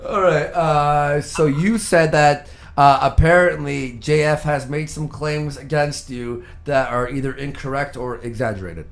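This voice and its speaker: Male host, slightly high voice, hesitant moderator cutting in with jokes. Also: fairly even intonation, measured pace. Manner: hesitant, joking. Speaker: stream host. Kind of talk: moderating a livestream debate.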